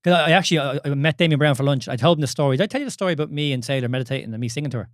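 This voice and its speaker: A man's voice: a little high, very fast, dry recording, clean studio sound. A man in his thirties with an Irish accent, co-hosting a casual podcast, candid and swearing often with many restarts. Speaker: podcast co-host.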